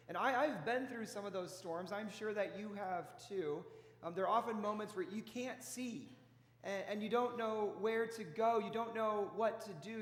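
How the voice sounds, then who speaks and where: High-voiced preacher in an echoing hall. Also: male voice. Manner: folksy storytelling with frequent restarts. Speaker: pastor. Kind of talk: conversational sermon. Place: church. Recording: echoey church hall.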